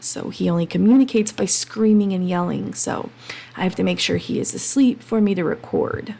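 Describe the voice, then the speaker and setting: A woman hosting her own podcast, talking passionately and emphatically, getting heated and then calming down. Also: medium pitch, normal speed, creaky. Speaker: podcast host. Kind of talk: solo podcast monologue. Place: home, late at night.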